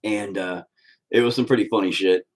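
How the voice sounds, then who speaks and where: A man's voice: lowish voice, steady tone, moderate pace, slightly rough, low-quality recording. A young man telling stories and ranting bluntly and profanely in a rambling, casual way. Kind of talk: casual storytelling rant.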